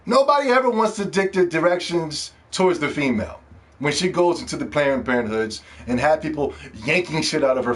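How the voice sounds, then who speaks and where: A man with a somewhat high voice hosts a casual solo gaming podcast. He jokes and rants freely, with plenty of profanity. His talk swings between loud, excited bursts and quieter asides. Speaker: podcast host.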